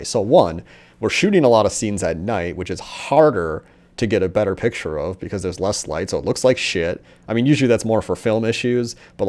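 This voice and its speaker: A man's voice: fairly low pitch, a little mellow. A young man reviewing a movie in a casual, profane rant, rambling with lots of fillers and sarcasm.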